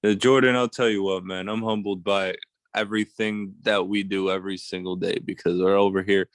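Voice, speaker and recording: Low-voiced tired man, casual co-host. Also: level tone, fairly quick, dry recording. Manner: loose and laid-back, swears casually. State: short on sleep. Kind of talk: casual video-call chat.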